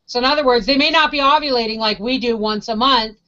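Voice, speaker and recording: A woman's voice: a little high, quick pace, bright, forceful tone, dull audio. A woman co-hosting a homestead live show, bubbly and talkative in casual chat.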